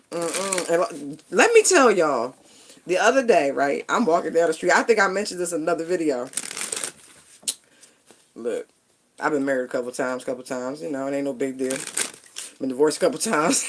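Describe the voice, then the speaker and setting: A woman's voice: low voice, slight background noise. Laughing middle-aged woman telling stories. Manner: laughs often, loose and playful. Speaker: vlogger. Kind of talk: casual storytelling monologue.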